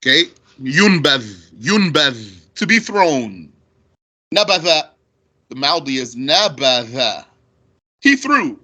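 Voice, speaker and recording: A man teaching Arabic grammar in at a very unhurried pace, his voice bright and a little high. He repeats each term and asks rhetorical questions as he walks through a verse. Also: sing-song. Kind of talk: explaining grammar on a recorded lesson.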